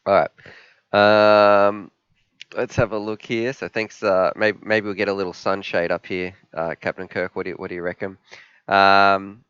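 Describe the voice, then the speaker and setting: Male host, 30s, animated rambling storyteller, smooth clear voice. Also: low-pitched, unhurried, no room sound, dull audio. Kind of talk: live stream Q&A chat.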